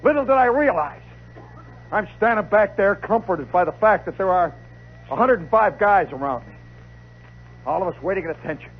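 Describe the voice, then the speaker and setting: A man telling a comic story live, animated and dramatic, with chatty asides to the listener. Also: high voice, normal speed, pauses often, slightly rough. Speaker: radio storyteller. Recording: lo-fi 1960s radio recording with faint hiss.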